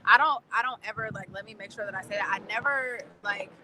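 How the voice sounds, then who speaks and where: A young woman co-hosting a casual chat show, reading viewer comments aloud and talking in an animated, rambling way with quick laughs and restarts. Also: medium pitch, noisy background.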